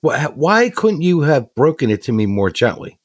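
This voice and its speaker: A man's voice: a little high, sing-song, moderate pace, no room sound, studio quality, voice pushed up. A man voicing an upset wife on a business trip in a joke.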